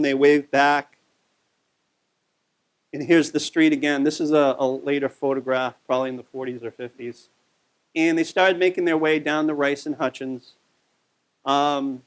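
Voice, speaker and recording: Man, history talk with slides, storytelling, slightly high voice, lots of uhs. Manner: conversational storytelling with frequent fillers. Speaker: local history presenter.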